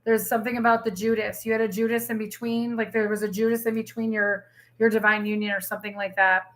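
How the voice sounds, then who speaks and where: A woman giving a casual livestream tarot reading, animated and exclamatory, swearing freely. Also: medium pitch, fast. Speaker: tarot reader.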